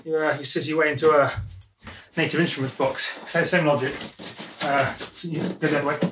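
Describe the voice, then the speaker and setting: A music producer hosts a casual unboxing vlog at home, excitable and jokey, rambling while handling things. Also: mid-range voice, a little fast. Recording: echoey room, distant mic, noisy.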